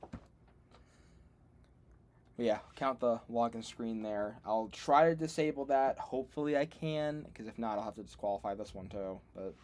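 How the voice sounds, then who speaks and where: A man's voice: fairly low pitch, moderate pace, long pauses, darkish tone, slight background noise. Rambling man testing old computers. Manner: rambling, self-deprecating, laughs often. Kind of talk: casual livestream commentary. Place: home room.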